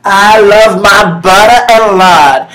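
A woman's voice: mid-range voice, slow pace, a bit bright, pitched above the performer's own voice. Woman putting on a brash folksy Southern TV cook. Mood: folksy bossy. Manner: folksy, drawling, bossy. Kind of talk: comedy podcast impression. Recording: roomy echoey room.

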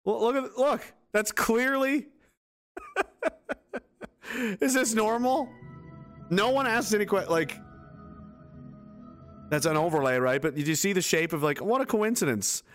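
A man talking over a video he is watching, with a voice pitched a bit above the usual. He sounds incredulous and heavily sarcastic, swearing freely, and faint music plays underneath. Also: lively intonation, unhurried, long pauses. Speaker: commentator reacting to footage. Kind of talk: casual sarcastic reaction commentary.

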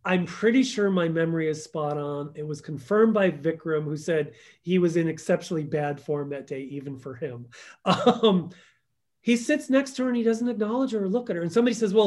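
A high-pitched man is a guest in a conversational interview, telling stories. He acts out quotes and lets his lines trail off softly.

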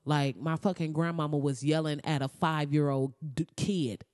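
A woman's voice: moderate pace, no room sound, clean studio sound. Blunt, profane woman commentator. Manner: animated and blunt, swears freely, swings into loud high outbursts. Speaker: commentary host. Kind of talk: profane comedic news commentary.

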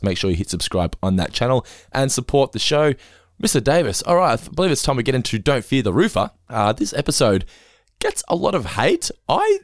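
Lively fast-talking man. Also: mid-range voice, no room sound, clean studio sound. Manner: animated storyteller, acts out voices. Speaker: podcast co-host. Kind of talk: casual podcast chat.

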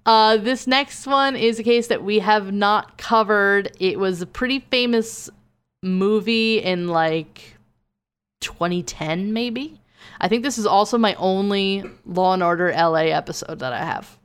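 Clear-voiced woman reading podcast notes. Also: medium pitch, a little slow. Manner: reads listings then banters. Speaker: podcast co-host. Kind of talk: casual podcast chat, reading episode summaries.

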